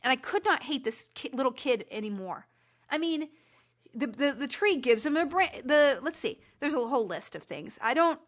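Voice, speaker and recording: A woman hosting a rambling solo podcast, animated and self-mocking, slipping into silly voices. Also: high-pitched, normal speed. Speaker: podcast host. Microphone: computer recording.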